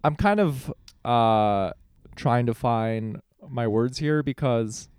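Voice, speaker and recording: A man co-hosting a casual podcast chat, talking in a measured way and thinking aloud with some hesitation. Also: medium pitch, expressive, darkish tone, smooth, no echo. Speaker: podcast co-host.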